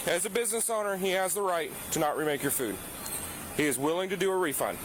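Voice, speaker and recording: A police officer explaining things outdoors in a steady, matter-of-fact way, recorded on a body camera. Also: male voice, high-pitched, quick pace. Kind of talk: calm explaining on bodycam. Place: outdoors by a fast food restaurant. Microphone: body camera mic. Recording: noisy bodycam audio outdoors.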